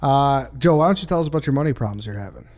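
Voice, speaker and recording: A man's voice: medium pitch, animated, rapid-fire, a little mellow. A man hosting a podcast, chatting casually, teasing his guests and swearing freely. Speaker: podcast host.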